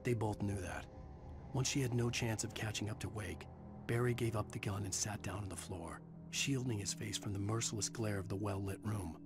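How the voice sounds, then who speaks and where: A grave, lower-voiced male narrator tells the story in a video game scene, played by a man. He reads in an even, scripted way over clear music. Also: moderate pace, lightly acted. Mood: somber. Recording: game audio with music behind.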